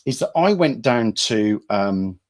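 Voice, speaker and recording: A man's voice: lowish voice, animated, slow. A middle-aged man from England, a hypnotherapy trainer, telling stories in a rambling, casual way to an online audience. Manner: rambling, repeats himself, acts out quotes loudly.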